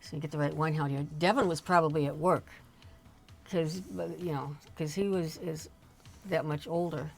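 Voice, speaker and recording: A middle-aged woman, a mother chatting casually on a livestream, halting and often restarting her sentences. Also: sits low, fairly even intonation, faint music behind. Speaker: streamer's mother, guest. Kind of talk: casual family chat on a livestream.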